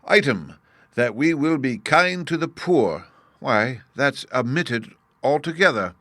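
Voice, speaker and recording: A man's voice: medium pitch, lively intonation, slow, fairly bright tone, no echo, pitched above the performer's own voice. A man voicing a silly, greedy noblewoman who gushes eagerly over schemes and jewels. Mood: scheming. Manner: gushing, eager, emphatic.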